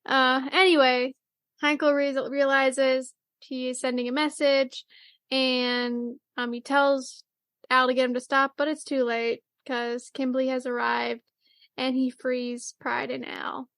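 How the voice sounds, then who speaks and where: A high-pitched woman talks through an anime episode on a casual podcast, rambling with plenty of "like"s and popping into short silly quotes. Her voice is close and dry, with no room sound at all. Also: level tone, a bit bright, no room sound. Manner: chatty, rambling, many "like"s and fillers, quick acted-out quotes. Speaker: podcast co-host. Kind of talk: casual anime recap chat.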